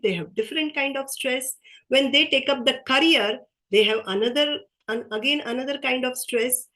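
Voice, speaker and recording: A woman's voice: high-pitched, fairly bright tone, low-quality recording. A woman giving an earnest motivational workshop talk over a video call, repeating her key phrases. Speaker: webinar speaker.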